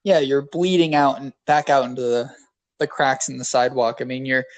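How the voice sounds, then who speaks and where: A man's voice: mid-range voice, steady tone, a little fast, dry recording. A man co-hosting a casual podcast, talking in a rambling, self-deprecating way. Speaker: podcast co-host.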